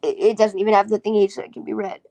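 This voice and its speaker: A woman's voice: medium pitch, level tone, rapid-fire, creaky, dark tone, no room sound. A woman hosting a casual solo podcast, rambling and giggling as she sounds out foreign words. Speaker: podcast host.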